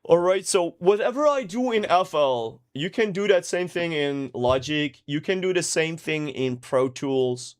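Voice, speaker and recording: A man's voice: fairly high pitch, lively intonation, a little slow, few pauses. Laid-back profane male mix engineer. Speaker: music producer and mix engineer. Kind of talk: casual livestream Q&A.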